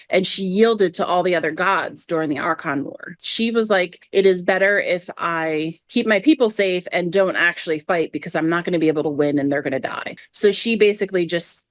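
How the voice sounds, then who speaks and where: Podcast host, woman, lower voice, dry close mic, chatty lore recaps. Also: dry recording. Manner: retells game quests with quoted lines. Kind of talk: casual podcast chat.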